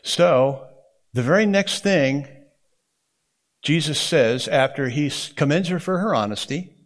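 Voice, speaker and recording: A man's voice: fairly high pitch, expressive, unhurried. Man teaching a Bible class. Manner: conversational, often checks with the class with "okay?". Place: classroom with students.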